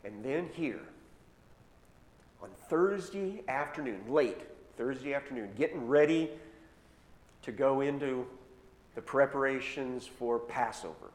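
A man's voice: medium pitch, animated. Man preaching in an echoey hall. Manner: retells scripture in casual modern words, slowing for emphasis. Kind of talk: sermon storytelling. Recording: echoey hall with long reverb, faint noise.

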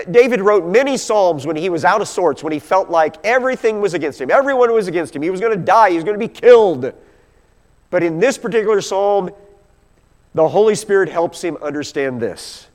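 A man's voice: high-pitched, lively intonation, normal speed. A man preaching a sermon, explaining scripture verse by verse and reading passages aloud with growing intensity. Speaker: pastor. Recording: long hall reverb.

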